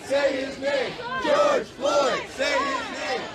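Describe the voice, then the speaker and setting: A male protester shouting repeated chants. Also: extremely high pitch, very animated, slow pace, a loud crowd.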